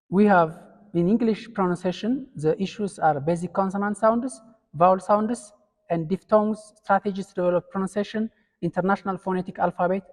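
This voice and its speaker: A man's voice: high voice, darkish tone. A man from Ethiopia with an Ethiopian accent, giving a classroom lecture step by step with fillers and restarts. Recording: long hall reverb.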